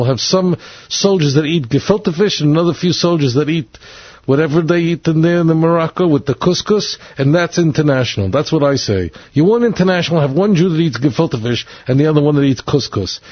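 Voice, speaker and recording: A man's voice: a little high, lively intonation, a little fast, slightly rough, dry recording. A man delivering an opinionated monologue as a commentator, talking bluntly and emphatically, repeating his points and restarting sentences. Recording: dull lo-fi dry recording.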